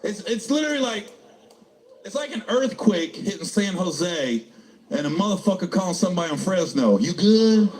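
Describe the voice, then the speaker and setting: A man's voice: sits high, moderate pace. A man telling profane stand-up stories about his time as a military cop, acting out the voices of the people in them. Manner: profane, animated, acts out voices and laughs at own jokes. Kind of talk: stand-up storytelling.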